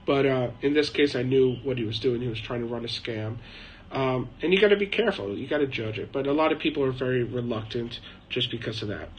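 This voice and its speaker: A man's voice: mid-range voice, a little fast, a little hiss or hum, rough recording. A man hosting a casual live chat from his shed, answering viewer questions in a rambling, chatty way with frequent laughs. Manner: rambling, chatty, laughs often, mimics people.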